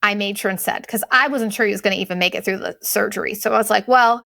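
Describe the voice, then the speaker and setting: A woman in her thirties hosting a podcast, telling a story in a blunt, profane, fast-moving monologue. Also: medium pitch, gravelly, bright, forceful tone. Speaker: podcast host. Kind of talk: casual venting monologue.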